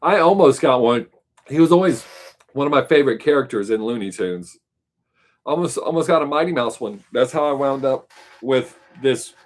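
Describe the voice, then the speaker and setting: A man's voice: medium pitch, expressive, moderate pace. A man hosting his weekly live stream, chatting casually with viewers in a musing, rambling, joking way.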